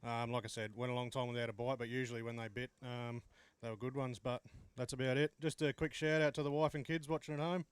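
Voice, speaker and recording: A man, an angler speaking in a laid-back, halting way with fillers. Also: mid-range voice, level tone, clear, resonant tone, no room sound. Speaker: tournament angler. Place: outdoors at a lakeside weigh-in.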